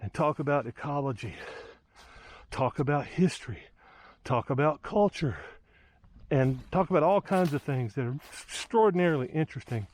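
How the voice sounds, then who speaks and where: The hiker vlogger's fairly high, expressive voice has a darkish tone and a normal speed. Walking through woods near a lake, he films himself giving loose commentary, thinking aloud with many fillers.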